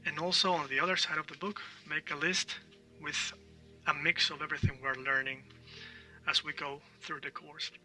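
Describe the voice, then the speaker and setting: A man's voice: a little high, steady tone, moderate pace, sharp tone, distant mic, faint music behind. A man teaching a language lesson, explaining patiently, repeating words for drills and often checking in with "all right?".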